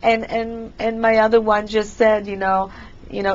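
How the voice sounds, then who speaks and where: A woman's voice: mid-range voice, flat delivery, moderate pace, muffled recording. A middle-aged woman hosting a talk show, chatty and affirming, telling personal stories with many restarts.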